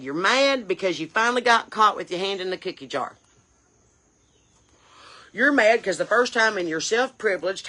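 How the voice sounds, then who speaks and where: Woman playing a chain-smoking mom, bright twangy voice, fiery scolding rant, comedy sketch. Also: medium pitch. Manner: fiery, scolding, rhetorical questions. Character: ranting Southern chain-smoking mom, brash and indignant. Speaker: comedy character creator.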